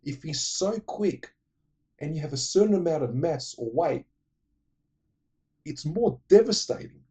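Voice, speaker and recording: Rambling, cursing man, mellow voice. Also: fairly high pitch, animated, husky. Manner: rambling and profane, loses his thread; acts out the characters' lines in quick impressions. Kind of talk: casual retelling of a film plot.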